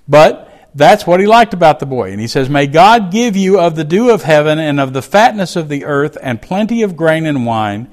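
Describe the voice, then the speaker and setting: A man teaching a Bible chapter, reading verses aloud and explaining them in a folksy, conversational way. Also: a little high. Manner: reads scripture aloud, then explains it in a folksy aside.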